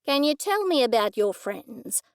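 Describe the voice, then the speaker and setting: A woman's voice: fairly high pitch, very animated, measured pace, clean tone, dry recording. A woman narrator voicing a stern middle-aged male police detective, probing and accusing in a dry manner.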